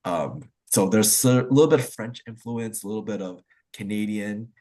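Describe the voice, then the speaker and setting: A man's voice: lowish voice, normal speed, dark tone. A man, explaining at length in a casual online group chat, using lots of "like" and "um" between thoughts. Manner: rambling, explanatory, heavy use of "like" and "um". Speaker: discussion participant.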